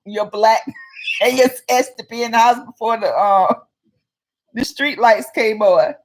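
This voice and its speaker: A woman's voice: a little high, measured pace, poor audio. A woman voicing her stern, scolding mother, who speaks bluntly and dismissively.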